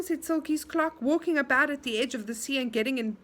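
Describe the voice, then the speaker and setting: A woman reading a storybook aloud to a child in an animated way, stopping to ask questions. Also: sits high, fairly quick.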